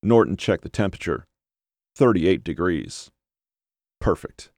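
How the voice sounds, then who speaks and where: Deep male narrator, dry close sound, steady measured horror audiobook read. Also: no echo.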